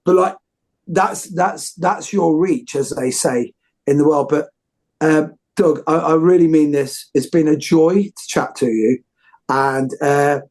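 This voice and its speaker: A man's voice: fairly high pitch, a little slow, a little mellow. A man hosting an interview, talking effusively and rambling with many restarts. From United Kingdom. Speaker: host. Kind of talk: casual interview chat.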